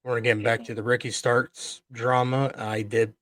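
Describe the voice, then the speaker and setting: A man's voice: mid-range voice, little pitch movement, moderate pace, fairly bright tone. A man co-hosting a podcast, ranting bluntly in casual chat and swearing freely. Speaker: podcast co-host.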